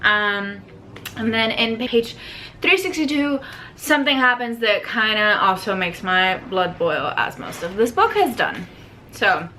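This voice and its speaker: A young woman ranting about a book, her voice bright and sharp-edged. She swears freely in her exasperation and breaks off to read passages aloud. A faint hiss sits under the recording. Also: on the high side. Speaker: book reviewer. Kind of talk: ranting book review vlog.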